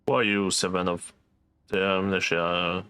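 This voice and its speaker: A man's voice: sits low, flat delivery, a little slow, bright, forceful tone. Offhand Quebec French-accented male streamer. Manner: short offhand remarks to the viewers. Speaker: streamer playing a video game. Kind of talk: casual let's-play commentary.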